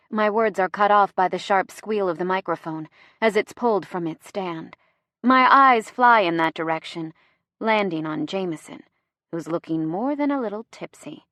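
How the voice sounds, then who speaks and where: A woman reading first-person narration for a romance audiobook, expressive and close to the mic. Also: mid-range voice, no room sound.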